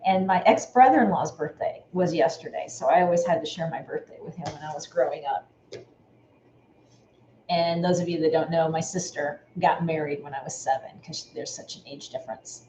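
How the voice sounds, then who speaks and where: A woman's voice: low-pitched, normal speed, dark tone. A woman hosting a sewing channel live stream, talking casually and rambling, thanking viewers by name as she goes. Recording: echoey room with faint noise.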